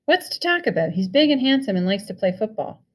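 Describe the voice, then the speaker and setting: A woman's voice: mid-range voice, sing-song, fairly quick. A woman voicing a hurt, bitter teenage boy in a storybook reading, blurting out his feelings.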